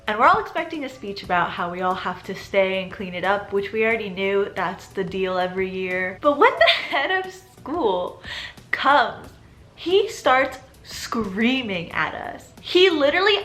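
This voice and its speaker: A woman's voice: on the high side, animated, moderate pace, a bit bright. A woman in her twenties telling a story in a casual vlog, chatty and giggly with lots of filler words. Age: 20s. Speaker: vlogger.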